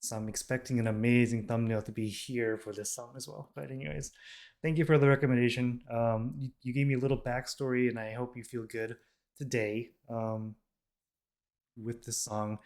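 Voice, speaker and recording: A man's voice: mid-range voice, flat delivery, normal speed, a little mellow. Rambling man talking to camera. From United States. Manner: rambling, with many ums and self-corrections. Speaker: K-pop reaction channel host. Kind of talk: casual talk to camera.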